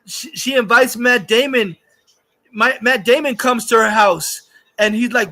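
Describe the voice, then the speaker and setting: Casting: high, bright male streamer, crude rambling rant, frequent laughs. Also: a little slow. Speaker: streamer host. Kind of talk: casual livestream rant.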